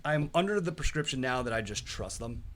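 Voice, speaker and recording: A man's voice: medium pitch, expressive, a little fast. A man in his thirties, a guest on a podcast, speaking in casual, enthusiastic chat and often repeating words.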